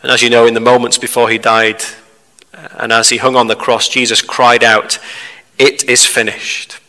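Bright-voiced man preaching in a hall. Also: medium pitch, little pitch movement. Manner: measured, asks the listeners rhetorical questions. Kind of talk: sermon. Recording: reverberant hall.

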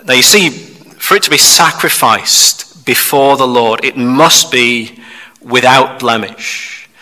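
A man preaching a measured expository sermon, turning to the listeners with rhetorical asides. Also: mid-range voice, sharp tone. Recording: long hall reverb.

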